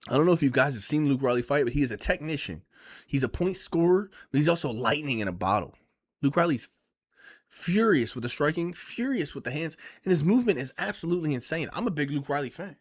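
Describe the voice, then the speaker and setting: A man giving casual, profane and excitable vlog commentary on fight picks, rambling as he goes. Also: fairly high pitch, quick pace. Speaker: MMA fight picks YouTuber.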